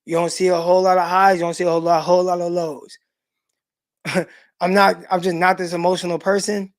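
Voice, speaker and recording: With a voice that sits high and a flat, slightly fast delivery, a middle-aged sports show host chats casually on a livestream. He addresses the live chat directly, reads viewer comments aloud, and keeps things laid-back and full of fillers.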